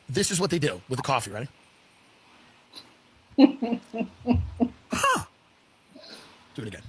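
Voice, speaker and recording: A man ranting loudly in a comedic style, swearing and acting out mock voices. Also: mid-range voice, big pitch swings, normal speed, pauses often, breathy edge. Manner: loud swearing rant, acts out rich people in mock voices. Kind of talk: comedic rant.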